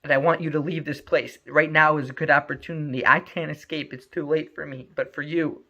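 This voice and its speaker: A man's voice: a little high, steady tone, fairly quick, bright, forceful tone. A man voicing a loving mother who urgently and tenderly pleads with her son, on a muffled lo-fi recording.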